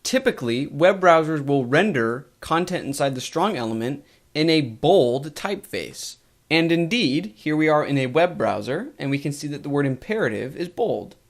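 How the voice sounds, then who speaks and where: A man teaching web development in a screencast coding lesson, explaining things in a measured way with emphasis on key points. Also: fairly high pitch, expressive.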